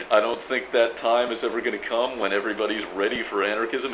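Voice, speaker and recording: A man's voice: on the low side, flat delivery, fast, a bit bright, muffled recording, a little hiss or hum. Emphatic stammering New Orleans man. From New Orleans area. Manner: emphatic, stammering restarts, swears casually. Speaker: video blogger. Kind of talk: casual video reply.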